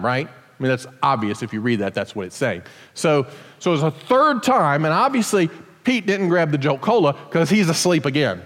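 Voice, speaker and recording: A man's voice: on the high side, a bit bright. A man giving a casual sermon as pastor, explaining scripture with joking asides in a church sanctuary. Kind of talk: conversational sermon. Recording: long hall reverb.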